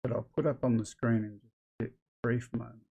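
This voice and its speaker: A man's voice: medium pitch, fairly even intonation, brisk, creaky, husky, phone-quality sound. Rambling man hosting a live stream. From Australia. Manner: rambling, thinking aloud. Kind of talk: casual live stream chat.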